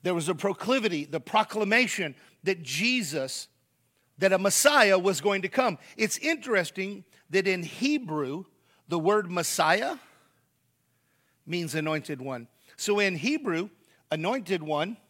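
A man's voice: high-pitched, a bit bright. A man preaching a sermon, emphatic, repeating key words and speaking straight to the congregation. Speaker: pastor.

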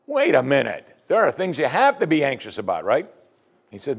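A man's voice: mid-range voice, moderate pace, gravelly, slightly rough. A man preaching a sermon as pastor, teaching from scripture and acting out the prayers of his listeners. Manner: animated preaching, acts out prayers in quoted voices.

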